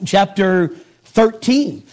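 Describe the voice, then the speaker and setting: A man's voice: high-pitched, expressive, drawn-out words, darkish tone. A middle-aged man preaching a sermon emphatically, repeating phrases for stress and climbing sharply on rhetorical questions.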